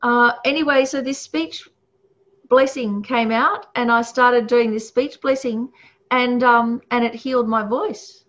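A woman teaches in a loose, conversational way, with frequent laughs and many fillers. Her voice sits a touch high. The recording sounds dull and lo-fi. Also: steady tone, measured pace, a bit bright. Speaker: Buddhist teacher. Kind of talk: casual teaching talk. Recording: muffled lo-fi recording.

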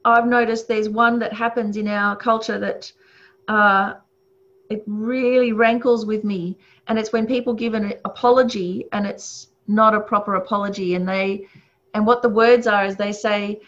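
A woman's voice: mid-range voice, fairly even intonation, moderate pace, a bit bright. A woman giving a casual, thoughtful teaching talk, with fillers and chuckles. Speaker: speaker on ethics. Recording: muffled lo-fi recording.

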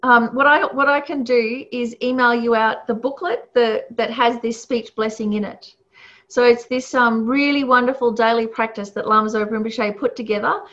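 A woman's voice: fairly high pitch, fairly even intonation, normal speed, fairly bright tone. A woman teaching a class in a chatty, casual way, laughing often and using many fillers. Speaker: Buddhist teacher. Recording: muffled lo-fi recording.

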